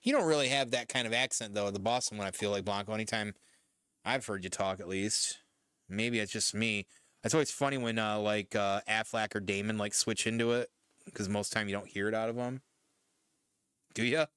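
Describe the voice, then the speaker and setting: A man's voice: fairly low pitch, a little fast, a bit bright, smooth, dry recording, clean studio sound. A man from Michigan streaming casual chat while painting, rambling loosely and swearing now and then. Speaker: streamer host.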